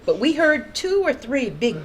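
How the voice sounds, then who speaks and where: Excited American woman eyewitness outdoors. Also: high-pitched, moderate pace. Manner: excited storytelling, acts out quotes. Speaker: eyewitness neighbor. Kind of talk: on-scene news interview. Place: outdoors at a street scene.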